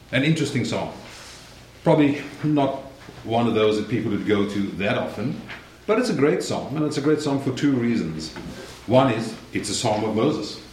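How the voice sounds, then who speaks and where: A young man with a South African accent preaching a sermon as a guest preacher, friendly and joking with the congregation. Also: fairly low pitch. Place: church sanctuary. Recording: roomy church sound, faint noise.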